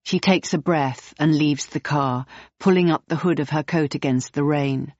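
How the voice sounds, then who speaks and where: A woman narrating an audiobook in the third person, steady and clear. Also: low voice, moderate pace, dry recording, lo-fi sound.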